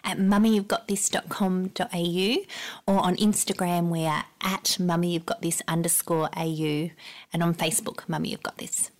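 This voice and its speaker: A woman talks as a podcast guest in an earnest, reassuring way. Her voice sits a little low, and she speaks from the heart. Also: flat delivery, normal speed. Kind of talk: earnest conversational interview.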